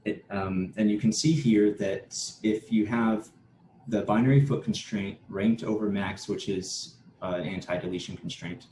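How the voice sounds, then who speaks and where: Low-voiced man giving an academic talk. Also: moderate pace. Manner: steady explanatory delivery with occasional restarts. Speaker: conference presenter. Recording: echoey room with faint noise.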